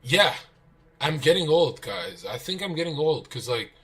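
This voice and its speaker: Unhurried and a little high in pitch, a young guest on a livestream recounts stories with profanity and laughter. He brings them to life by acting out people's quotes in casual chat.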